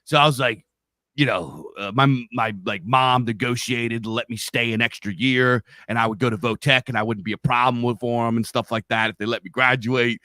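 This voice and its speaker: A middle-aged man with a Pennsylvania accent rambles through his stories and swears freely. His voice sits at an everyday pitch. The mic sound is close and dry, with no room around it. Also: steady tone, fairly quick, pushed and bright, no echo. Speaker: podcast host. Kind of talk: casual chat. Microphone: studio mic on a live stream.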